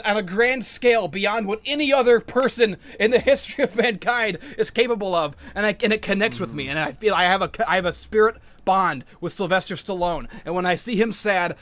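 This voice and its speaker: A high-pitched man co-hosting a podcast in casual chat. He rambles with excitement, swears freely and keeps restarting his sentences, in a bright, edgy voice. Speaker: podcast co-host.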